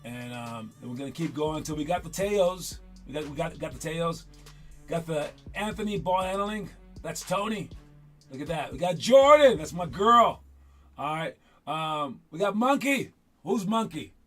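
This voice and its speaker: A man's voice: on the high side, expressive, normal speed, soft background music. A man coaching young basketball players in casual, rambling talk that often repeats itself. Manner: rambling, upbeat, repeats himself.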